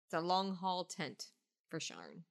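A woman's voice: on the low side, sing-song, measured pace. A woman playing a tabletop game, chatting in a giggly way about the scene. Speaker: player. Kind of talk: tabletop role-play chat.

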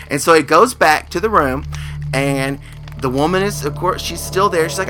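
A man's voice: a little high, normal speed, soft background music. A man telling a spooky story casually, acting out the characters. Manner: animated, acts out the characters' voices.

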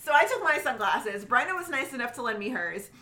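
A woman co-hosting a podcast in casual chat, telling animated stories and acting out quotes. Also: fairly high pitch, a little fast. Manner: animated storyteller, acts out quotes with laughs. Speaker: podcast co-host.

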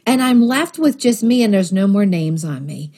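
A woman's voice: medium pitch, animated, normal speed, mellow, slightly rough. A woman sharing a personal faith testimony in an earnest storytelling manner, acting out the thoughts she quotes.

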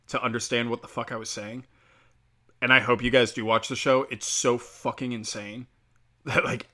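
A man hosting a casual solo rant, swearing freely and rising loud and high when he retells arguments. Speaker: podcast host.

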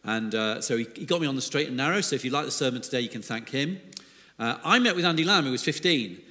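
Middle-aged male guest preacher, forceful bright tone, easygoing jokey sermon delivery, long echoing church acoustic. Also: mid-range voice, animated, fast talker. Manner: chatty, with self-deprecating jokes. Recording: long hall reverb in a church.

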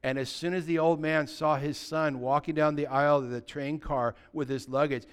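A man, a pastor preaching a sermon and telling stories, swinging from loud passages to hushed ones. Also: fairly high pitch, steady tone, moderate pace, clean tone. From United States.

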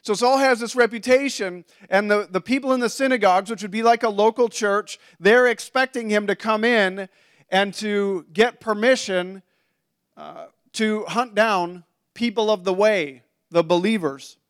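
A man's voice: sits high, normal speed, smooth. A man preaching a conversational sermon to a congregation, with asides and restarts. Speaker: pastor.

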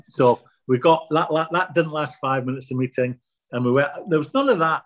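An older man being interviewed, telling anecdotes in a relaxed, self-deprecating way. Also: a little high, moderate pace. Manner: anecdotal, self-deprecating, repeats words when starting. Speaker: guest.

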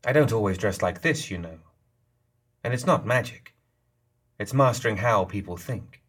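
Sly geisha woman in charge, read by a male narrator: smug, teasing, a little husky, slightly raised from a lowish voice. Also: lively intonation, normal speed, a bit bright. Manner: playful, teasing and knowing.

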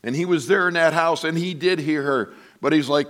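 A man's voice: on the high side, fairly quick, few pauses. A man preaching a sermon as pastor, telling stories animatedly and acting out voices. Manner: animated storytelling, acts out voices.

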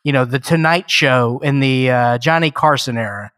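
A man's voice: mid-range voice, moderate pace, fairly bright tone, no echo, studio quality. A man co-hosting a podcast in casual chat, rambling and jokey with mock-formal asides. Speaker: podcast co-host.

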